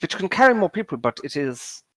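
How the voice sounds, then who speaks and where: A man voicing a fussy male wagon master with a German accent, halting and full of ums, in a tabletop game. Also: on the high side, very animated, fairly bright tone, no echo, voice pushed up, low-quality recording. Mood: apologetic. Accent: German put-on accent. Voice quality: halting, many ums and uhs.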